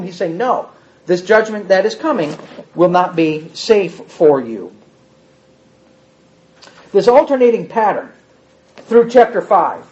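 A man's voice: high voice, very animated, a little slow, a little mellow, highs cut off. A man teaching an informal Bible class, reading scripture aloud with dramatic emphasis between casual comments.

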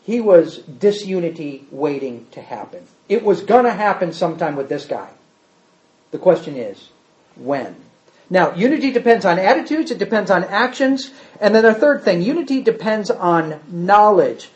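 Animated preacher in an echoey hall. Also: male voice, high-pitched, moderate pace. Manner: animated, dramatic shifts between loud emphasis and quiet asides. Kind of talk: sermon with scripture reading. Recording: echoey hall, slightly dull sound.

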